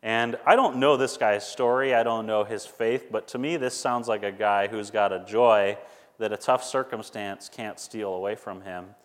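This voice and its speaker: A man's voice: on the low side, normal speed. A man preaching a sermon, earnest and conversational, growing fervent as he reads scripture aloud. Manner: earnest, rising to fervent when reading scripture. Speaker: pastor. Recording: long hall reverb.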